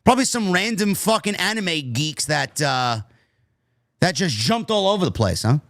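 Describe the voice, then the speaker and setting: A man's voice: high-pitched, animated, moderate pace, fairly bright tone, dry recording, clean studio sound. A man reviewing a wrestling show in a casual, rambling way, swearing freely and drifting into tangents. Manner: profane, nostalgic, tangent-prone.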